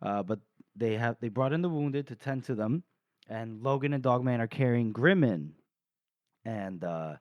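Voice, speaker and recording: A man hosting a casual book-discussion podcast who rambles through a chapter recap, swears freely, laughs often and rushes through fast asides. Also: mid-range voice, expressive, dry recording, muffled recording. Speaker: podcast host.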